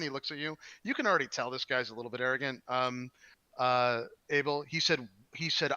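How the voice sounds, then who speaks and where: A man narrates a tabletop game as game master, rambling with many fillers and restarts. His voice is bright and forward. The dry, dull mic gives it a lo-fi sound. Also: medium pitch, a little fast, no echo.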